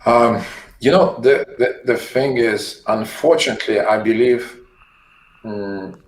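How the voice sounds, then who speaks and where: A man, a company CEO guest, answering interview questions in a halting way, often repeating words while he searches for phrasing. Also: medium pitch. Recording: echoey room with faint noise.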